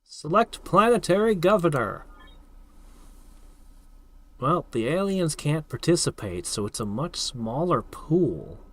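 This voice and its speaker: A man's voice: a little high, big pitch swings, slow, pauses often. A man casually thinking aloud as he plays a strategy game, reacting to each turn. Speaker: gameplay streamer. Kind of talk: casual let's-play commentary.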